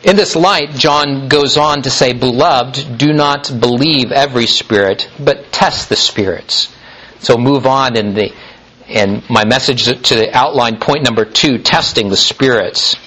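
A man preaching a sermon, reading scripture with slow, deliberate emphasis and frequent pauses. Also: medium pitch, pushed and bright, low-quality recording. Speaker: pastor.

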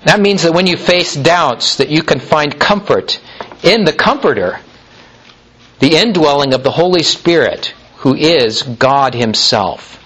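A man preaching a sermon, reading scripture with slow, deliberate emphasis and frequent pauses. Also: fairly high pitch, expressive, a bit bright, rough recording. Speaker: pastor.

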